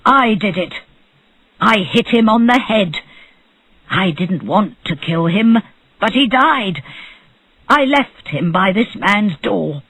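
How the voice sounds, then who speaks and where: An audiobook narrator voicing an old male bird seller who shouts and then pleads, in a slow storybook reading. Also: medium pitch, lively intonation, no room sound, full character voice. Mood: fearful.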